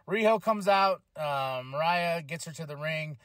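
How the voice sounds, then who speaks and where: A man hosting a podcast, reviewing a wrestling show in casual chat, excitable, laughing often and swearing freely. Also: on the high side, slow pace, no echo, clean studio sound. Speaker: podcast host.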